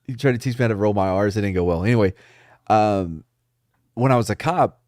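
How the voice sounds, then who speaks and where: A man's voice: on the low side, brisk, dry recording, studio quality. A man co-hosting a casual podcast chat, telling stories with lots of swearing. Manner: profane, animated storyteller. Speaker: podcast co-host. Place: San Antonio.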